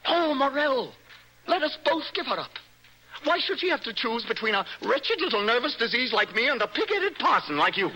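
An actor playing a nervous, passionate young poet in an old-style radio drama, with a breathy, lyrical, theatrical delivery. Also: male voice, extremely high pitch, very animated, brisk, few pauses, background noise, full character voice. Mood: impassioned. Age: young adult. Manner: swings between dreamy and impassioned outbursts. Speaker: romantic rival.

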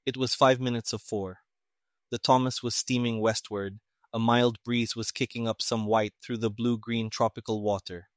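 A man narrating a story as an audiobook narrator, reading in a steady, even way. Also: lowish voice, dry recording, studio quality.

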